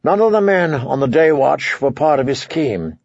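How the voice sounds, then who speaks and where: A man narrating an audiobook in a measured storytelling manner. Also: on the high side, animated, vocal fry, a little mellow, no room sound, muffled recording. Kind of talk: scripted narration.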